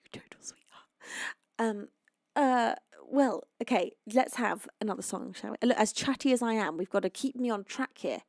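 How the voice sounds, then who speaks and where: Chatty, tired UK singer streaming live. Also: female voice, fairly high pitch, normal speed, creaky, dry recording, clean studio sound. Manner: chatty, rambling, greets viewers warmly. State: tired and sleepy. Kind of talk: casual chat with live chat.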